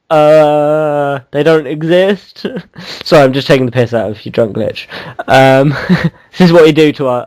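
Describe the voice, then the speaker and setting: A man co-hosts a casual gaming podcast in a mid-range voice, and the recording is dry and rough. He rambles and teases, with lots of ums and restarts.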